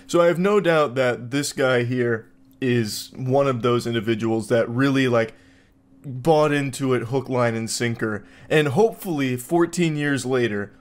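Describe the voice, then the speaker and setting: A man giving reaction commentary in a sarcastic, incredulous tone, often jumping into exaggerated high quips. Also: measured pace. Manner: sarcastic, incredulous, mock-puzzled. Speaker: online commentator.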